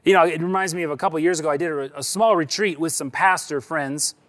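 A male pastor preaching a sermon in a conversational way, stretching key words and dropping low at the ends of phrases. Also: fast, a bit bright.

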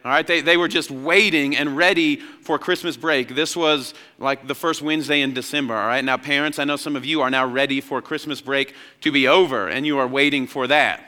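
A young man preaching a sermon as pastor, telling stories with lively energy and acting out childhood voices. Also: medium pitch, a little fast, hardly any pauses. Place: large church hall. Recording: long hall reverb.

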